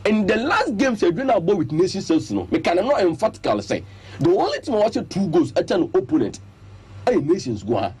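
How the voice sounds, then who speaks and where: A high-pitched man talks fast, his voice edged with breath, during a radio studio sports segment. His Ghanaian accent comes through as he mixes Twi and English, emphatically listing point after point with great animation.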